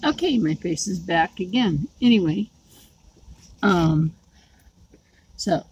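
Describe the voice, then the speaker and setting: A woman talking to her viewers in a personal vlog, rambling and halting with many fillers, outdoors. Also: lowish voice, animated, a little mellow, slight background noise, low-quality recording. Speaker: YouTube creator.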